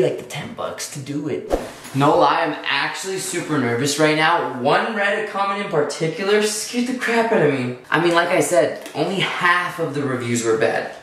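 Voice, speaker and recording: Casting note: young man, slightly high voice, rambling self-conscious vlogger, echoey bathroom with faint hiss. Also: fairly bright tone. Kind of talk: casual vlog chat.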